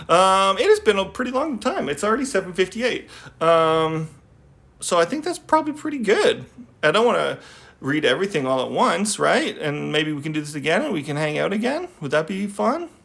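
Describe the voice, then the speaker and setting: A man's voice: fairly high pitch, gravelly, fairly bright tone. A man who talks casually on a livestream, rambling and joking with many fillers, then reads a poem aloud. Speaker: poet. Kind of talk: casual live-stream chat and poetry reading. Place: at home. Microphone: phone livestream.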